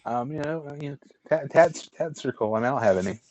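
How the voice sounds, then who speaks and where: A man's voice: mid-range voice, quick pace. Rambling male podcast storyteller. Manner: rambling, many restarts and fillers, animated retellings. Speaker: podcast co-host. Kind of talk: casual storytelling.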